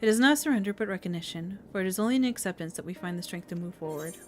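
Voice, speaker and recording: A woman voicing a composed village leader in a fantasy game, speaking in a solemn, formal, steady way. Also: medium pitch, racing, faint music behind, close to an everyday voice.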